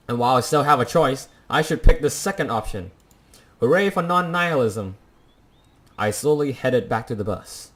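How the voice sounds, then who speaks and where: Young guy doing a let's play, reads the game text out loud, jokey asides, normal pitch. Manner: jokey asides between dramatic read lines. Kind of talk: reading a visual novel aloud with commentary.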